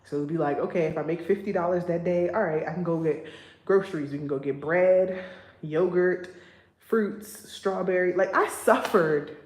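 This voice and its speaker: A young woman and single mom chatting casually with her viewers, emphatic and getting loud and exasperated when she vents. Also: lowish voice, steady tone, moderate pace, echoey room. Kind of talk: casual livestream chat.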